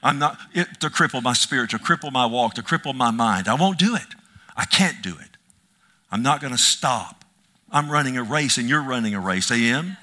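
Emphatic preacher man with a bright voice. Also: medium pitch, expressive, moderate pace. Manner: emphatic, swinging from loud proclamations to hushed asides; repeats phrases for emphasis, calls out amen. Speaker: pastor. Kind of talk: sermon.

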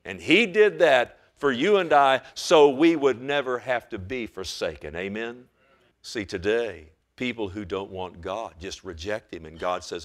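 An older man preaching a sermon as a pastor, moving between quiet, low-voiced intensity and loud, emphatic stretches, telling folksy stories with repeated words. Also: measured pace.

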